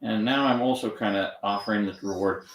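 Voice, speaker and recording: A man training a dog on camera, gently encouraging it and explaining each step. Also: fairly low pitch, a little fast, distant mic. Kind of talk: live training demonstration with explanation. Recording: echoey room, off-mic, faint noise.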